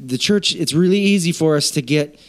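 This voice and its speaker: A man's voice: on the high side, normal speed. A man preaching a sermon to his congregation, telling stories and acting out quoted voices in a casual conversational way. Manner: addresses congregation directly. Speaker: pastor. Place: church.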